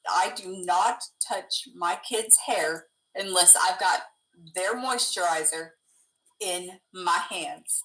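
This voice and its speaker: A woman's voice: on the low side, takes it slowly, fairly bright tone, echoey room, poor audio. A woman speaking earnestly and a little hesitantly in casual chat. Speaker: guest on a live stream.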